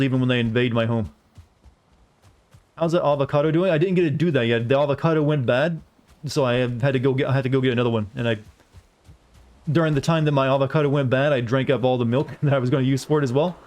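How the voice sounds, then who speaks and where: A young man from the southern United States streams a game, chatting casually and rambling as he plays, swearing now and then. His voice is mid-range with a darkish tone.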